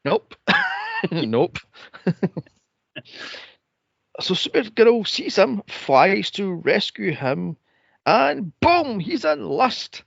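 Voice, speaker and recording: A man with a gravelly, lively voice recaps a film in an exasperated, swearing rant. His pitch swings widely, and the dull, lo-fi sound sits in a dry room. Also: drawn-out words, pauses often, dry recording. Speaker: podcast co-host. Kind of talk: casual chat recapping a film. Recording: dull lo-fi podcast mic.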